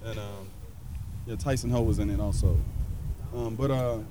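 A man's voice: on the low side, steady tone, moderate pace, background noise. A man from South Carolina, a pitmaster, telling his story in a casual interview, rambling with many fillers. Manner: rambling, many fillers, acts out quoted people. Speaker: pitmaster and restaurant owner.

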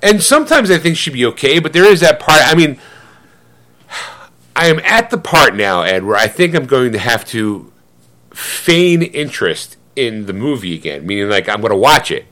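A man's voice: mid-range voice, moderate pace. A man co-hosting a podcast, chatting casually and laughing often. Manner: animated, acts out voices of himself and his wife. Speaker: podcast co-host. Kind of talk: casual chat.

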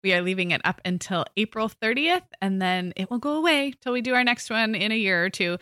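A woman's voice: medium pitch, lively intonation, fairly quick, pushed and bright, no room sound, clean studio sound. A middle-aged woman co-hosting a podcast, chatting casually with plenty of fillers and restarts. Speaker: podcast co-host. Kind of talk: casual chat.

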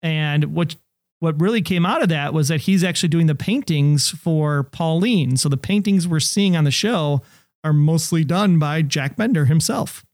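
A man's voice: on the high side, normal speed, a little mellow, no echo, studio quality. A man co-hosting a podcast in casual chat. He is talkative and laughs easily. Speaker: podcast co-host.

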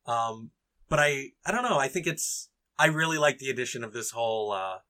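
A man's voice: medium pitch, expressive, brisk, pushed and bright. A man co-hosting a casual chat, enthusiastic, breaking off to read book passages aloud with drama. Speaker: podcast co-host.

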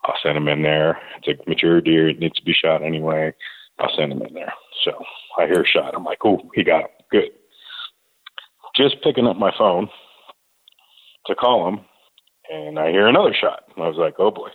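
A man's voice: rumbling low, a little fast. A man telling a long, folksy hunting anecdote full of quoted back-and-forth dialogue. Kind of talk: casual storytelling. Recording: tinny phone-like line.

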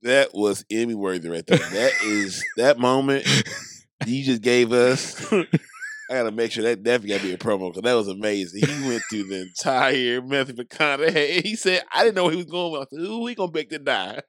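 A man's voice: mid-range voice, a little fast, fairly bright tone. A middle-aged man co-hosting a podcast, chatting casually, laughing hard and often, with exclamations. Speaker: podcast co-host. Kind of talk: casual comedic chat.

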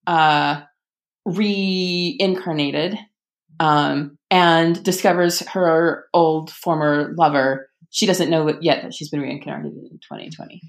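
A woman author talking casually about books, chatty, with many fillers and animated quoting. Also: on the low side. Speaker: author guest. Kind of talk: casual podcast conversation.

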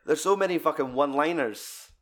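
A man's voice: a little high, a little fast. A man with a Scottish accent, chatting casually about a film as a podcast co-host, swearing freely and acting out scenes. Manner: sweary, animated, acts out film scenes in shouted voices.

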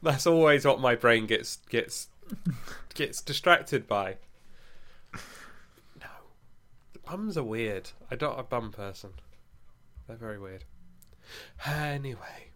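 Guy cohosting a podcast, bright tense voice, laughs a lot, bit ill. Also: mid-range voice, expressive. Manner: giggly, chatty, quick to laugh. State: unwell. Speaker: podcast co-host. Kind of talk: casual chat.

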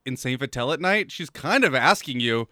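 A man co-hosting a podcast, joking crudely and laughing loudly, mocking his friends. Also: medium pitch, expressive, normal speed, dry recording, clean studio sound. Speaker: podcast co-host. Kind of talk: crude casual banter.

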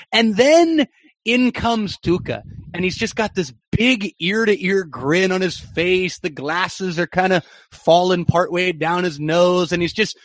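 A young man, a soccer journalist and broadcaster, telling an animated story as a guest on a podcast interview. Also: a little high, no room sound. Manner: animated, excited anecdote-telling.

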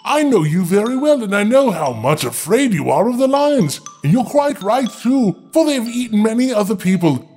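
A sly little yellow dwarf from a storybook, smug and drawling, as a man puts him on. He talks down to everyone with lazy disdain, the pitch swooping up and down. Soft music sits behind him. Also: very animated, moderate pace, hardly any pauses, slightly rough, exaggerated voice.

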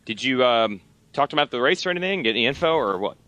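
A man's voice: mid-range voice, animated, rapid-fire, sharp tone, dry recording. A man co-hosting a podcast, chatting casually with short replies and laid-back questions. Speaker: podcast co-host.

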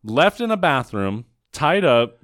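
A man's voice: mid-range voice, slow, no echo, clean studio sound. A man co-hosting a podcast, recapping a movie in casual, sarcastic chat, swearing and acting out lines. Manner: animated, sarcastic, swears, acts out quotes. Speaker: podcast co-host.

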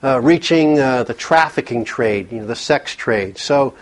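A man's voice: mid-range voice, measured pace. A man speaking earnestly at a church counseling workshop, often repeating words as he thinks. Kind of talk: conversational workshop talk.

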